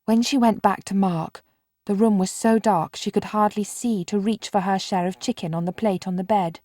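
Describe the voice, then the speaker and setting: A woman narrating an audiobook in a measured, clear storytelling manner. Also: mid-range voice, fairly even intonation, dark tone, dry recording. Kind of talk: scripted narration.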